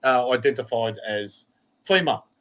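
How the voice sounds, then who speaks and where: A man's voice: medium pitch, animated, moderate pace, a bit bright. An Australian man co-hosting a podcast, laid-back, telling a crude joke and laughing often. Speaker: podcast co-host. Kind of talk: casual chat, joke-telling.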